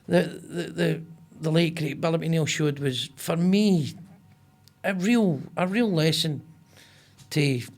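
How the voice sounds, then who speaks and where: A Scottish comedian talks as a podcast guest, his voice sitting a little high for a man. He tells stories with relish and slips into the voices of the people he quotes. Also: slow. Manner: lively storyteller, acts out quotes. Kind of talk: casual anecdote telling.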